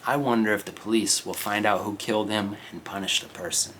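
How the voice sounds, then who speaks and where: A man reading the lines of an earnest, literal-minded teenage boy who speaks in a flat, matter-of-fact way. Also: lowish voice, brisk, slight background noise, natural voice.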